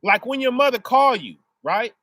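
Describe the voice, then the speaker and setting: A man's voice: very high voice, big pitch swings, normal speed, sharp tone, dry recording. A man giving a casual sermon, explaining through everyday family examples and asking "right?" after nearly every phrase. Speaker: preacher.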